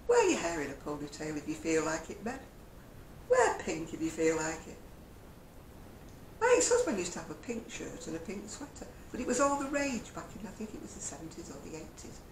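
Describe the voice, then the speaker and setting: An older woman chatting in a vlog, telling stories and chuckling often. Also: lowish voice. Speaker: crochet vlogger. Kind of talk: casual chat. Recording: echoey room with faint hum.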